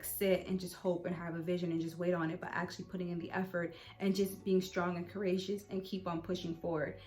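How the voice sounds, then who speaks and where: A young woman hosting her own vlog channel, talking candidly and casually about faith and personal growth, with lots of fillers along the way. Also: medium pitch. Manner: candid, chatty, with many fillers. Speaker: channel host.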